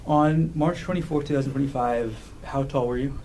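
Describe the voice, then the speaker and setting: A man questioning a witness in a courtroom, asking measured, formal questions. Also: medium pitch, fairly even intonation, mellow, a little hiss or hum. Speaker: prosecutor.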